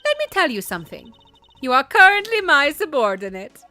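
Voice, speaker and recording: Woman doing Franziska, a haughty high-pitched prosecutor. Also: big pitch swings, brisk, sharp tone, faint music behind, exaggerated voice. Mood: commanding. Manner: imperious, demanding respect. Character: haughty young woman prosecutor, commanding and proud.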